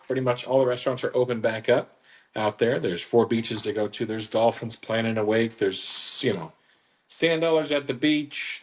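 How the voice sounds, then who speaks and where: A man talking casually on a radio show, pitching his boat club in a chatty, salesy way and repeating the phone number. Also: husky. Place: radio studio.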